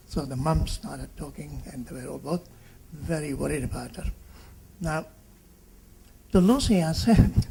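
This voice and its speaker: A man in his seventies from Fiji, a doctor giving a halting reunion speech that turns into an animated patient story. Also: on the high side, creaky, slight background noise, low-quality recording. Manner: halting, with restarts and animated quotes.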